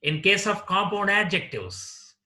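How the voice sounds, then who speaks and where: A man with an Indian English accent teaching a slow, deliberate lesson, repeating word lists one item at a time. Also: high voice, big pitch swings, bright, forceful tone. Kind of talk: classroom lecture.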